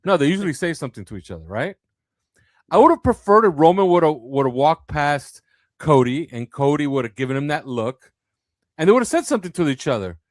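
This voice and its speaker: A man co-hosting a casual sports podcast, talking in an animated way, laughing and acting out quotes. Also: fairly high pitch, brisk, no echo, studio quality. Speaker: podcast co-host.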